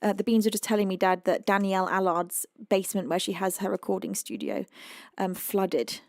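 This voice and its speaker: Chatty British woman with a gravelly edge. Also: medium pitch, steady tone, a little fast, no echo, studio quality. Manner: chatty, exclaims often, reads chat aloud. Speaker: livestream music host. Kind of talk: casual chat with viewers. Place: home.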